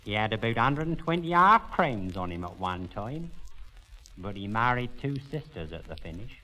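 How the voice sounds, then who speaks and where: An actor playing a sly old countryman, telling deadpan tall tales in broad village in a comic monologue. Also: lowish voice, moderate pace, low-quality recording. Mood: drawling. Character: old rustic countryman, sly, rambling yarn-spinner.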